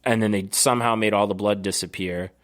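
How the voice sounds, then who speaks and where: A man's voice: fairly low pitch, fairly even intonation, fast talker, fairly bright tone. A man co-hosting a podcast, chatting casually with friends in a rambling, profane way. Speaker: podcast co-host. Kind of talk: casual chat.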